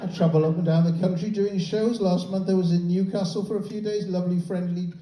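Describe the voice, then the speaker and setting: Sardonic middle-aged comedian, roomy hall. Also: male voice, sits high, steady tone, a little fast, mellow. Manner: sardonic, swears freely, mimics others in raised voices. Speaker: stand-up comedian. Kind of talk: stand-up comedy set. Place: comedy venue with a live audience. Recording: roomy live venue, distant mic, crowd noise. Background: audience laughter.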